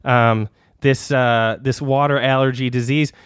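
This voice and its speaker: A man's voice: mid-range voice, steady tone, measured pace, a bit bright, smooth, no room sound, studio quality. A man hosting a comedy podcast, rambling and laughing through a joke bit where he reads out fake diagnoses as a doctor. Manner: rambling, laughing, with frequent restarts.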